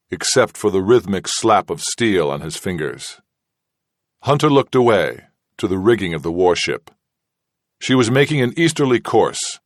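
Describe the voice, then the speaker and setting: A man reading an audiobook narration in a steady, measured way. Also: deep voice, dry recording, studio quality. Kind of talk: scripted narration.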